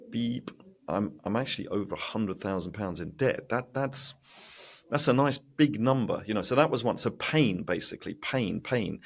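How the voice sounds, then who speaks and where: A man with a somewhat low voice talks as a guest in a podcast interview. He tells his story with animated energy and slips into quick impressions of the people he quotes. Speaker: guest, investment educator.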